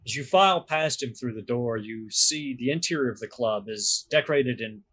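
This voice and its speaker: Husky guy running a tabletop game, measured scene-setting narration, mid pitch. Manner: descriptive, measured storytelling. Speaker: game master.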